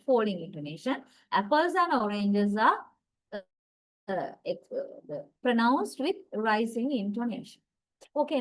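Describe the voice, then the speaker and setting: A woman with a fairly high voice teaches an English intonation class. She explains each rule step by step, with many "uh" fillers and frequent checks of "right?". She acts out each example sentence with exaggerated rising and falling pitch. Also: poor audio. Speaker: lecturer. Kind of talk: university lecture on English intonation.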